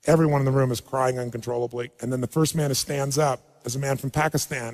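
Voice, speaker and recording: A middle-aged man giving a motivational seminar talk to a live audience, telling stories softly and then building to loud rallying calls. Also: steady tone, fast, few pauses. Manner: storytelling, drops low and soft for emotional quotes, then rises to loud rallying. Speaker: motivational speaker. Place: large hall with live audience. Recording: long hall reverb.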